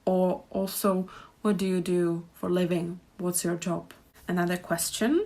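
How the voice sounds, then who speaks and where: A woman with a Czech accent teaching pronunciation, speaking slowly and repeating each example phrase with care. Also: on the low side, flat delivery, darkish tone. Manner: slow, careful demonstrations with repeated example phrases. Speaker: language teacher. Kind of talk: pronunciation lesson. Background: birdsong and traffic outside.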